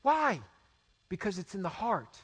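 A man in his forties preaching a sermon, animated, with rhetorical questions and stammered restarts. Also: sits high, a little slow, husky. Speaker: pastor.

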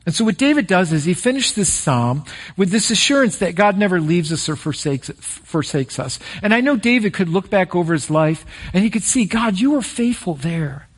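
A middle-aged male pastor preaching a sermon in a folksy, personal way, telling stories and slowing down to stress key phrases. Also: sits high, animated. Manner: folksy and personal, prays then tells stories.

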